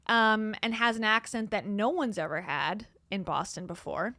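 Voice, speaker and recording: A woman's voice: medium pitch, moderate pace, bright, forceful tone, no room sound, clean studio sound. A woman hosting a gossip commentary show, talking in a sarcastic, scoffing way. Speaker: commentary host.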